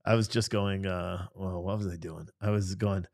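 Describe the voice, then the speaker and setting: A man doing a deep, gruff superhero-style growl, as a joke on his live stream. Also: fairly even intonation, moderate pace, a little mellow. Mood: mock heroic.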